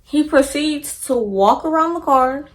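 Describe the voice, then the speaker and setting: Animated young woman telling a storytime. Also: high voice, unhurried. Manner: animated, slangy, acts out quotes. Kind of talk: casual storytime.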